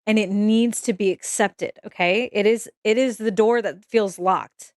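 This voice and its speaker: Woman, EFT practitioner, candid and emphatic, swears freely, dry close sound, mid-pitched voice. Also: unhurried, darkish tone, no echo. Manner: addresses listeners directly, checks in often. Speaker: EFT practitioner giving an intuitive reading. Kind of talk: casual spiritual talk to camera.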